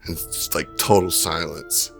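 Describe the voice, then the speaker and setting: A man narrating as game master of a tabletop game, telling the story in a relaxed way with plenty of fillers. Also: very deep voice, moderate pace, vocal fry, faint music behind.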